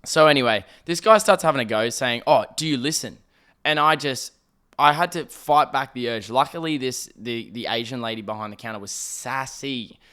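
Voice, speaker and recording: A young man hosting a solo podcast, telling a story in an animated, profane, ranting way. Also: mid-range voice, normal speed, clear, resonant tone. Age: young adult. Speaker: podcast host.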